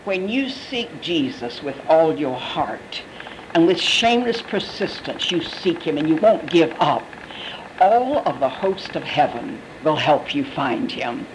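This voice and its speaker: A Bible teacher explaining scripture in a conversational, expressive sermon style. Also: medium pitch, unhurried, noisy background. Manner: conversational, expressive, acts out quotes. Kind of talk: sermon commentary.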